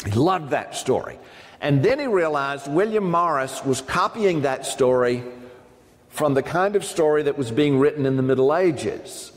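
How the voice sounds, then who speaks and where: A man's voice: fairly high pitch, expressive, normal speed. A man giving an academic lecture to a live audience, discursive, with frequent ums and asides to his listeners. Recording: long reverb of a lecture hall.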